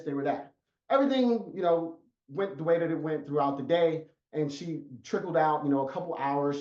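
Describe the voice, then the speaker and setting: A man's voice: on the high side, a little mellow. Emphatic male coach telling a story. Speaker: life coach. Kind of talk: motivational talk. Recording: echoey, muffled sound.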